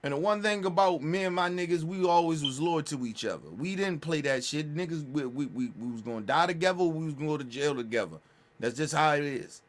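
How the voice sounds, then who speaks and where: A man talking casually and bluntly, repeating and restarting his phrases, with emphatic jumps in pitch and loudness. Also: brisk. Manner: blunt, repetitive, restarts phrases, profane slang. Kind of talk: casual street talk commentary.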